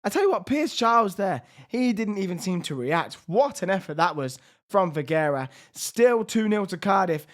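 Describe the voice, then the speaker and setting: Excitable man with a strained voice. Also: high-pitched, normal speed. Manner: lively, shifts between hushed and excited. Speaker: gaming YouTuber. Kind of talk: excited game commentary.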